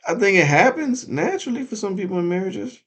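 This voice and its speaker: A man's voice: high voice, big pitch swings, quick pace, a bit bright. A young adult man co-hosting a marriage podcast, chatting casually with slangy, teasing banter. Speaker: podcast co-host. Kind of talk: casual chat.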